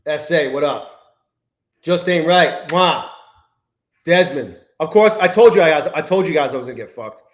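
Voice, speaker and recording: A man's voice: on the high side, expressive, normal speed, echoey room. A man talking through trades on a live stream, swearing often, muttering in frustration and greeting viewers by name. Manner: profane, exasperated muttering, greets chat by name. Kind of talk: live-stream trading commentary.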